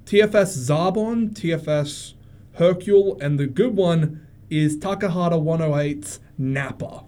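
Guy explaining stuff calmly on a podcast, mellow dark tone, slightly high. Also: unhurried. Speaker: podcast co-host. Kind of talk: casual chat.

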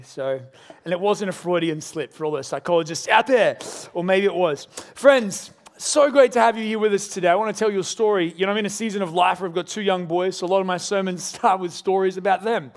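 A man in his thirties, a pastor preaching a sermon with casual storytelling and self-deprecating humour. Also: high voice. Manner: prays in a quiet, slow, reverent voice.

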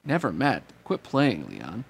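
A man's voice: lowish voice, wildly swooping pitch, takes it slowly, vocal fry, breathy edge, exaggerated voice. A man reading an audiobook and voicing an earnest, eager young male hero.

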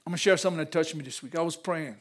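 An older man preaching in a church, emotional, repeating phrases and rising to loud peaks. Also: a little high, rapid-fire. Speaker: pastor. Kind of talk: sermon.

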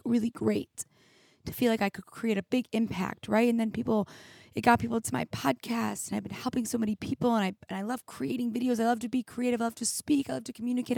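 A young podcast host with a fairly high, creaky, darkish voice delivers an emotional monologue on her own. Candid and introspective, occasionally tearful, she relies heavily on "like." It's a dry, studio-quality recording made on a studio mic with headphones.

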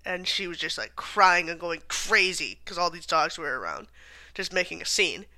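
Bright-voiced woman telling chatty stories. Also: lowish voice, expressive, moderate pace. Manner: chatty storytelling, frequent fillers and laughs. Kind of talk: casual chat.

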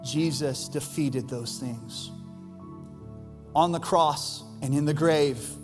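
A man's voice: on the high side, slow. Man preaching in a reverberant church. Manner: earnest preaching, builds to loud emphatic peaks, drops soft for tender lines. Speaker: pastor. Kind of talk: Easter sermon. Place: large church hall. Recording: live church hall with long reverb and soft music.

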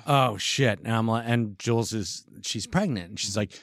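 A man in his forties telling a story in casual chat, animated and profane, acting out the voices of the people in it. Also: on the low side, normal speed. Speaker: podcast guest.

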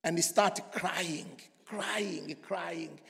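A preacher from Congo, preaching emphatically and swinging from loud to hushed. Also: male voice, a little high, drawn-out words, gravelly. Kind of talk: sermon. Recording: long hall reverb.

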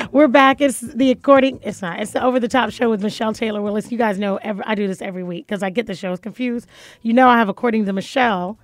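A woman's voice: on the high side, quick pace. Playful woman hosting a radio show. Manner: playful, laughing, teasing. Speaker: radio host. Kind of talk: casual radio interview chat. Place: radio studio.

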